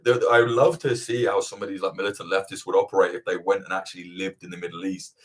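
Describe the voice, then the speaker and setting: This is a man with a lowish voice, hosting a casual livestream Q&A. He rambles through answers with animated energy and swears freely as he goes. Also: fast talker. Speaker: host of livestream Q&A.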